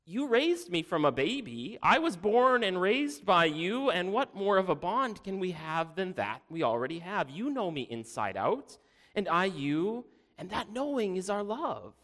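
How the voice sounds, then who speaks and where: A man's voice: a little high, big pitch swings, slow pace, voice pushed up, full character voice. Give me a man playing a sincere, hesitant youngest princess, heard in a long-reverb hall. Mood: earnest. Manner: hesitant, earnest, soft. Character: quiet, sincere youngest royal daughter.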